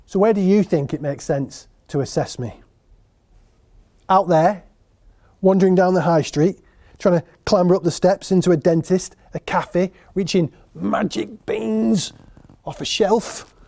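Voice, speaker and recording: A man delivers a solo theatre monologue with a wry, sardonic edge, talking straight to his audience. His voice sits fairly high but sounds mellow and warm. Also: measured pace, creaky. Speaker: writer and performer.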